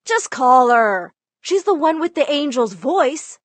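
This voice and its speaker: A woman voicing an excited, insistent male family friend in a storytime narration. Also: high-pitched, slow pace, no echo, full character voice.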